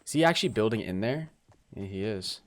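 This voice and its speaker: A man streaming a game live, commenting on play and talking straight to his chat in a lively, apologetic way. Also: fairly low pitch, fairly quick. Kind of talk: live gameplay commentary and chat shout-outs.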